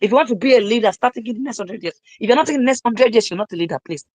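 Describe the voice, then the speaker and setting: A young man delivers a live-streamed motivational talk in a dry, close voice with no room around it. He preaches emphatically, hammering the same lines again and again and now and then breaking into a shout. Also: high voice, racing, no room sound, rough recording. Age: young adult. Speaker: motivational speaker.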